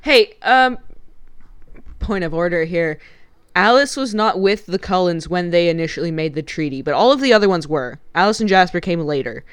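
A woman in a casual podcast chat, retelling a film scene by scene and slipping into the characters' voices. Her voice is smooth and clear, recorded close and dry with no room sound. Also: on the low side, normal speed, dry recording. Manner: animated storyteller acting out characters' lines, laughs often. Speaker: podcast co-host. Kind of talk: casual chat recapping a movie plot.

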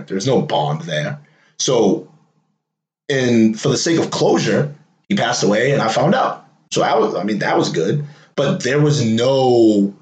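A man's voice: fairly low pitch, roomy sound, rough recording. A man in his late thirties talking candidly in a casual personal monologue, loose and conversational, full of fillers and wry laughs. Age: late 30s.

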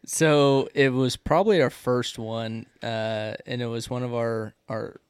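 Brief: Midwest podcast co-host, man, smooth clear voice, dry close sound, rambling and laughing. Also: mid-range voice, steady tone, unhurried, dry recording. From American Midwest. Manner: rambling, laughs often, many fillers. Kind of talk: casual chat.

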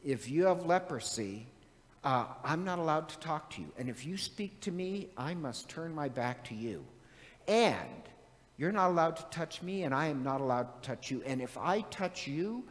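A middle-aged man preaching a conversational sermon as a priest, animated and chatty, often asking his listeners questions. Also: on the high side. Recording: long reverb of a large hall.

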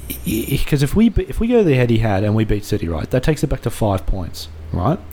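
A man's voice: mid-range voice, wildly swooping pitch, a little fast, warm tone, a little hiss or hum. A man co-hosting a casual football chat, talking earnestly and at length with frequent restarts. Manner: earnest, rambling, many restarts and fillers.

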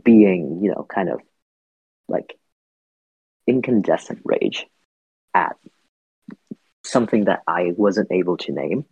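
Husky low-voiced man, thoughtful and hesitant. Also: darkish tone, no room sound. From Vietnam. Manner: thoughtful, hesitant, with frequent fillers and restarts. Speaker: podcast guest. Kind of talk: reflective podcast conversation. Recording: dull, lo-fi podcast audio.

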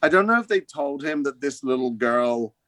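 A man's voice: medium pitch, lively intonation, normal speed, a bit bright, no room sound. Hesitant man with a mid voice. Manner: hesitant, lots of ums and uhs. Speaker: podcast guest. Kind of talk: casual chat.

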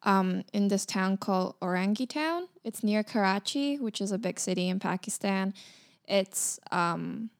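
A woman's voice: mid-range voice, animated, measured pace. A woman chatting casually as a guest, hesitant and full of "um" and "like". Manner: hesitant, lots of "um" and "like". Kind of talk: casual chat.

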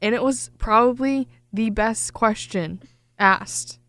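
A woman's voice: fairly high pitch, takes it slowly, a bit bright, dry recording. A young woman co-hosting a podcast, chatting casually and agreeably about a reality show. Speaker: podcast co-host.

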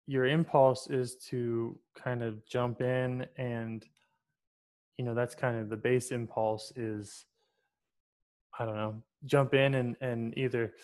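A man hosts a relaxed interview and asks his questions in an even, measured way. His delivery is slow, and his pitch barely moves from a level tone. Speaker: interview host.

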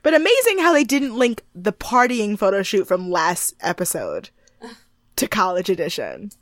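A woman's voice: medium pitch, big pitch swings, moderate pace, dry recording, clean studio sound. A woman co-hosting a podcast, chatting casually in a recap and acting out quotes in mock voices. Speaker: podcast co-host.

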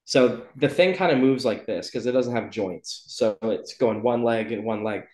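Speaking at a moderate pace in a mid-range, darkish voice, this man hosts a loose book club podcast, rambling and filling it with ums and self-corrections. There's a roomy echo to the sound.

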